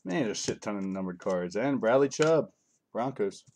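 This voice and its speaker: A man's voice: fairly low pitch, animated, moderate pace, a little mellow, a little hiss or hum. A man hosting a live card break from home, rambling casually as he calls out each card he pulls. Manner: rambling and chatty, calling out cards as he opens packs. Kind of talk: casual live-stream commentary.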